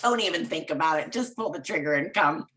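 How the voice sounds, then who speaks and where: A woman's voice: low-pitched, lively intonation, fairly quick, bright, forceful tone, low-quality recording. A woman guest in a casual interview, talking with enthusiasm and laughing often. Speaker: guest, chalet owner.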